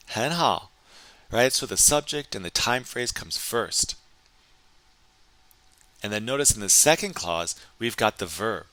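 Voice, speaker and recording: Man teaching slowly with a bright voice. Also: medium pitch, lively intonation, dry recording. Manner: slow, careful model sentences in Chinese between English explanations. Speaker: Chinese language teacher. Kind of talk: recorded grammar lesson.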